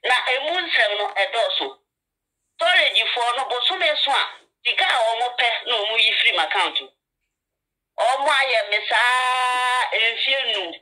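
Bright-voiced woman testifying. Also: mid-range voice, low-quality recording. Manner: earnest, fervent, mixing in English words. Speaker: church member giving testimony. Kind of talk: personal testimony.

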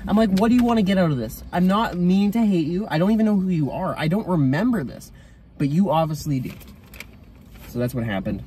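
A man's voice: high-pitched, animated, fast, dark tone, slight background noise. A young man telling a reseller story in casual storytime style, blunt and fired up, quoting himself. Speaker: reseller vlogger.

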